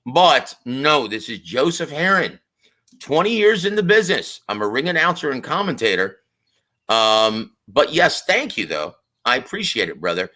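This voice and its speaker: A man's voice: mid-range voice, normal speed. A man, a ring announcer and commentator, chatting effusively on a live show with a slight lisp. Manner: effusive, animated, calls people brother. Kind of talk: casual live-stream chat.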